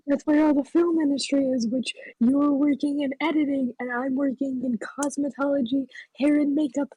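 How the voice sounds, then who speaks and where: A woman's voice: high voice, steady tone, normal speed, dark tone, no echo. A young woman co-hosting a casual podcast chat, teasing and playful. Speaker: podcast co-host. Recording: dull lo-fi mic.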